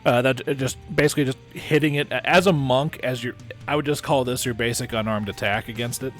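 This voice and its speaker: A man's voice: medium pitch, steady tone, fairly quick, fairly bright tone, faint music behind. A man running a tabletop game as game master, describing the action casually with many restarts. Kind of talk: narrating and ruling a tabletop game.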